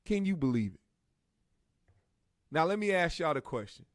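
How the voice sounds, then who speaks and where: A man hosting a comedic talk show who tells stories in a profane, animated way and slips into lots of voices. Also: on the high side, normal speed, dry recording, clean studio sound. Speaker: host.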